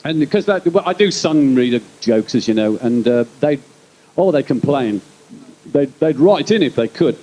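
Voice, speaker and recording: A man in his forties with a Birmingham accent doing live stand-up at an outdoor concert. He chats and rambles to the audience, with quick punchlines. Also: mid-range voice, expressive, warm tone, low-quality recording. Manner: chatty, rambling asides to the crowd, quick punchlines. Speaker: stand-up comedian and concert compere. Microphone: stage microphone over a PA.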